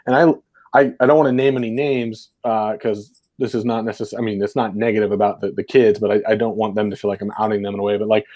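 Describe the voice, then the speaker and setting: Talking fast in a fairly low, warm voice with little pitch movement, a podcast co-host reminisces about his time coaching football. His reflective, rambling storytelling is peppered with "like" and "right."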